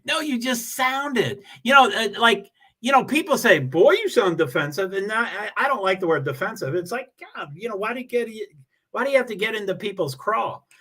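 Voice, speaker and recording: Guy livestreaming from home, kinda high bright voice, rambly and self-deprecating, reading out chat. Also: very animated, moderate pace, husky. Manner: rambling, chatty, self-deprecating, reads comments aloud. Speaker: livestream host reading viewer comments. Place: at home alone.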